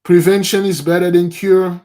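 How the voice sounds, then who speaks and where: A man's voice: high voice, moderate pace. A man leading an informal book study, telling the story with many restarts and asides. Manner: lively storytelling, acting out scenes. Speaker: study group teacher.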